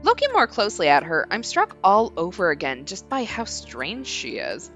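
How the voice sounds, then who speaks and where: A woman reading the inner narration of an anxious young male lord trapped in a haunted mansion from a horror game, in her own lively voice. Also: fairly low pitch, moderate pace, faint music behind. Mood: uneasy.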